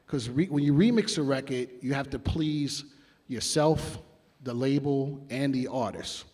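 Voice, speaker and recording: Unhurried and a little mellow, a mid-range male voice belongs to a New York music producer. In a relaxed interview, he recounts blunt stories laced with profanity and acts out what people said.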